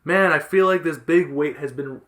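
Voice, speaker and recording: A man voicing an elderly, caring but blunt aunt, quoted casually in his own bright, plain voice during a comic book chat. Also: on the high side, moderate pace, lightly acted. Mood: candid.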